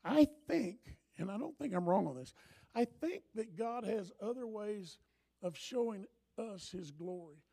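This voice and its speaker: Older male pastor, high gravelly voice, storytelling sermon that swings from soft to loud. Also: animated, a little slow.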